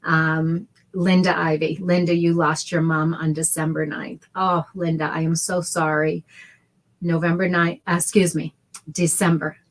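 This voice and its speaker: A woman's voice: sits low, level tone, measured pace. A middle-aged woman hosting a casual sewing livestream, chatty and heartfelt, greeting viewers by name. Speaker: sewing show host. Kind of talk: casual livestream tutorial chat.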